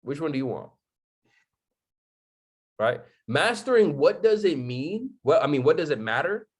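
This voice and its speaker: A man's voice: fairly high pitch, very animated, a little slow, breathy edge. A young man giving a motivational talk on a live stream, firing off rhetorical questions, repeating his points and asking "right?" to the chat.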